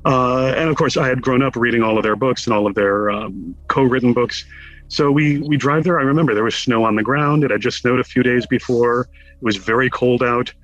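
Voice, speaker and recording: A man from Connecticut, a guest in an interview, telling a lively anecdote with wry humor and acting out the quotes. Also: mid-range voice, a little fast, no echo, lo-fi sound. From Connecticut, USA. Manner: animated storyteller who acts out quotes with wry humor. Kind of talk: casual anecdotal storytelling.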